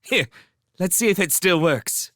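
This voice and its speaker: A cheeky, loud little female shrew, as a male narrator puts her on, chatty and boastful. Her voice is pushed high above his own and swings widely. The sound is dry. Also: animated, measured pace, no echo, full character voice.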